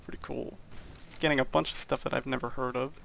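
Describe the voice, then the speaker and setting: Young male gamer, rough-edged gravelly tone, chatty and jokey, casual let's-play commentary. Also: medium pitch, fairly even intonation, a little fast, a bit bright. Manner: rambling, jokey, laughs at his own jokes. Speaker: gameplay commentator.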